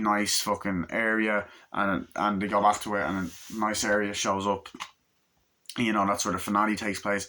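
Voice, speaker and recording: Young man in his twenties, low-pitched and bright, rambling film reviewer who swears a lot. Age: 20s. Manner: rambling, enthusiastic, heavy swearing. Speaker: movie reviewer. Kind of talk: casual chat.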